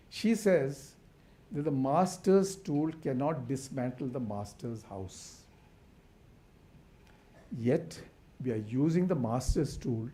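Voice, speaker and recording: A man's voice: fairly high pitch, dark tone. A man giving an impassioned symposium talk, asking rhetorical questions with frequent restarts. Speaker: conservation academic speaker.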